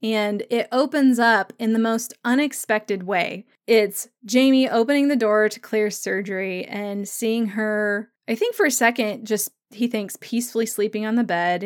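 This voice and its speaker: Chatty woman podcast host who laughs often. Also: mid-range voice. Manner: chatty, laughs often, acts out scenes with quick voices. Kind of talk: casual podcast commentary, reading listener comments.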